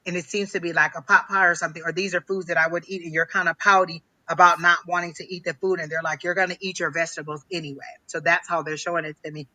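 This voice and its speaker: A man giving a live psychic reading on a stream, talking in a halting way, repeating phrases with many ums. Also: fairly high pitch, flat delivery, sharp tone, poor audio. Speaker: psychic reader.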